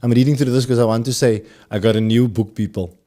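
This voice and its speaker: A man's voice: mid-range voice, steady tone, quick pace, dark tone. A man in his thirties with a Cape Town South African accent, hosting a podcast in a rambling, upbeat way that speaks straight to the audience. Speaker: podcast host. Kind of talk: casual chat.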